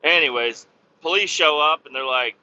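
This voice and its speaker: Bright-voiced, profane male storyteller. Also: a little high, moderate pace, lo-fi sound. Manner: profane, animated, repeats himself. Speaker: podcast host and storyteller. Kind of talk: casual storytelling.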